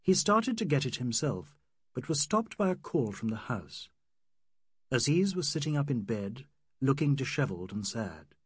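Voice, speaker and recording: A man narrating a novel as an audiobook in an expressive, varied manner. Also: medium pitch, normal speed, breathy edge, no room sound, clean studio sound.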